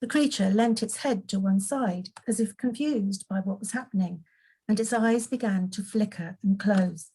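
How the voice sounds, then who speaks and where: A woman reading her own fantasy story aloud in an unhurried way, now and then correcting a slip. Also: mid-range voice, warm tone, husky, rough recording. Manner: unhurried, occasional slips and self-corrections.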